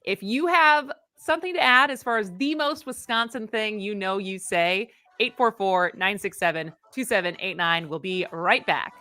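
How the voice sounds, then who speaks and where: A woman hosting a live radio talk show, asking questions in a quick, chatty, energetic way. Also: mid-range voice.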